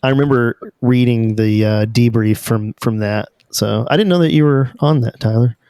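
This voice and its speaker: A man's voice: mid-range voice, moderate pace, clean tone, dry recording, studio quality. Laid-back male podcast host. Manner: relaxed, loose and conversational, with fillers. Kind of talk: casual chat.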